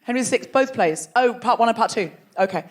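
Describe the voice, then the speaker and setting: A woman's voice: a little high, animated, brisk. A woman hosting a live comedy show, bantering playfully and teasing the audience from a theatre stage. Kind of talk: live stand-up crowd work.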